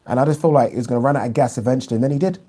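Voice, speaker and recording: A man's voice: mid-range voice, rapid-fire, warm tone, slightly rough. A man hosting a live boxing review, giving blunt opinions and answering viewer questions in casual, restart-filled talk. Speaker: boxing channel host.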